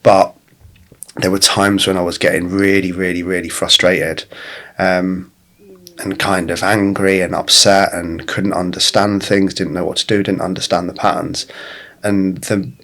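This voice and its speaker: A man's voice: deep voice, level tone, a little slow, fairly bright tone. A man in his forties, a guest on a podcast, telling personal stories in a candid, casual way with plenty of swearing and restarts. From England. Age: 40s. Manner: candid, swears freely, many restarts and fillers. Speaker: podcast guest, life coach. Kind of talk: casual conversational storytelling.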